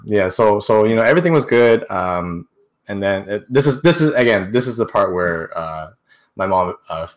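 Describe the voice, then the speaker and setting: A man's voice: fairly low pitch, lively intonation, normal speed. A young man, an interview guest, telling a personal story in casual talk, with many restarts and repeated words.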